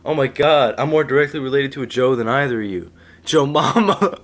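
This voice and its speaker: A young man co-hosting a podcast, joking around casually with deadpan bits. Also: mid-range voice, fast. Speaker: podcast co-host. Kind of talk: casual chat.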